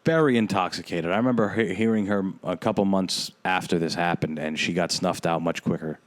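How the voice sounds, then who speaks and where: Young guy hosting a podcast, low voice, rambly and swears a lot, lots of ums. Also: a little fast. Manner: rambling, profane, lots of fillers. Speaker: podcast host. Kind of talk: casual storytelling chat.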